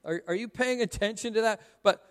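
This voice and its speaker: A man's voice: high voice, brisk. A middle-aged male pastor giving a humorous sermon, telling stories in a chatty, self-mocking way. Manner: chatty, self-mocking storytelling with frequent laughs. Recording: long reverb of a large hall.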